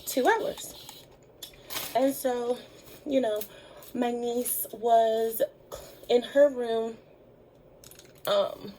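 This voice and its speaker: A woman's voice: fairly high pitch, darkish tone, a little hiss or hum, poor audio. A young woman telling a story in a chatty vlog, with lots of fillers, voicing the people she quotes. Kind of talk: casual storytime chat.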